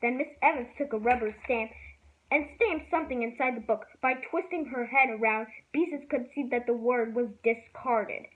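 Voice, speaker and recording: A woman reading a children's book aloud with a lively, expressive delivery. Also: a little high, normal speed. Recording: tinny phone-like sound.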